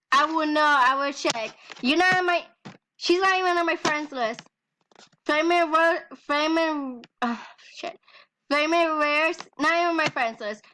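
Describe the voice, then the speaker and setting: A woman's voice: high voice, noisy background. A teenage girl ranting angrily in a vlog, swearing and breaking into nervous laughs. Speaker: vlogger. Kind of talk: angry rant vlog.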